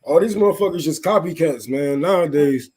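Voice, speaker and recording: A man's voice: fairly high pitch, brisk, a crowd in the background. A man co-hosting a casual podcast chat, blunt and profane in his opinions. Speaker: podcast co-host.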